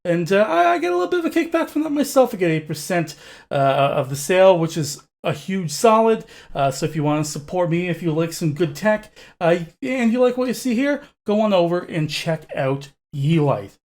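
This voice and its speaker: A man's voice: fairly high pitch, expressive, moderate pace, a little mellow. A man reviewing a gadget at home in a casual, candid way, often hesitating with fillers and restarts. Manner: candid and chatty. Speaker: tech reviewer. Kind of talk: casual unscripted product review. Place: home room with wall panels.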